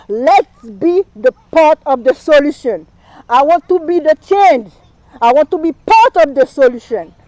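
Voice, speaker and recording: A middle-aged woman who is not a native English speaker delivers a heartfelt campaign speech with a fairly high voice. She speaks slowly and repeats her phrases, with a slip now and then. The sound is close and dry. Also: dark tone, no echo, poor audio. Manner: impassioned, repetitive, speaks non-native English with slips. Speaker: town council candidate. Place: live stream rally.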